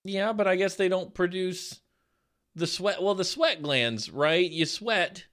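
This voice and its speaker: A young man from Florida co-hosting a casual podcast, animated and quick to laugh, acting out quotes as he talks. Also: high-pitched. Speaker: podcast co-host.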